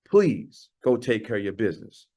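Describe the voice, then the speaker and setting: A man voicing a calm, amused female coworker in a low, quiet, unhurried voice. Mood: matter-of-fact.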